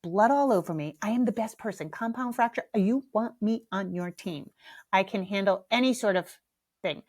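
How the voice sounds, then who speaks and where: A middle-aged woman tells a funny family story on her podcast. She talks casually, animated and self-mocking, and swears without a second thought. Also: medium pitch, normal speed. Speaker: podcast host.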